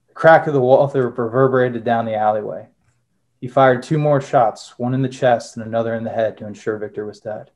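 A young adult man talking about his own novel in a relaxed, filler-heavy way. His voice sits at an ordinary male pitch, and he also reads his prose aloud in a steady narration. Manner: casual, many "uh" fillers. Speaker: author, former Marine. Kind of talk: interview answers and reading from his novel.

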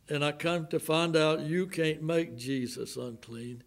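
A Southern American man preaching in a church, his voice pitched fairly high and his delivery slow and drawn out. He rises to loud outbursts and drops to hushed, slowed lines as he drives his points home. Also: steady tone. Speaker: pastor. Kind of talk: sermon. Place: church sanctuary.

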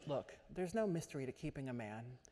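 A woman reading aloud as a blunt middle-aged mother who gives her daughter advice in a flat, matter-of-fact way. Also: very deep voice, fairly quick. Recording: echoey auditorium.

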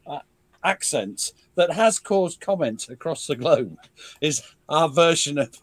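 A man's voice: on the high side, no echo. A man, guest historian on a podcast, joking and laughing often in casual chat. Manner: jokey, self-mocking, laughs often. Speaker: guest, military historian and author.

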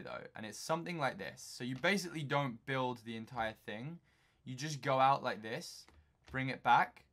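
A young man from England giving jokey, excitable commentary while playing a video game, talking to himself and breaking into sudden shouts. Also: mid-range voice. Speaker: gaming YouTuber.

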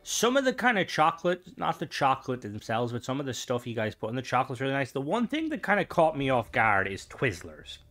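A man's voice: mid-range voice, wildly swooping pitch, fairly quick, few pauses, fairly bright tone. A young Irish man chatting casually with viewers while streaming a game, rambling from one thought to the next. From Ireland.

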